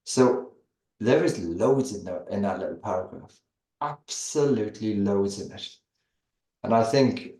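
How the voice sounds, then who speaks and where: A man's voice: lowish voice, mellow. A man in an earnest, musing podcast discussion, thinking aloud with hesitant restarts. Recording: roomy echo.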